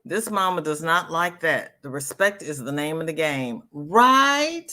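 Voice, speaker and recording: A woman's voice: sits low, normal speed, bright, forceful tone. An older woman hosting a live crochet stream, chatting casually with viewers in a sassy, emphatic way, often repeating herself. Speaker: livestream host.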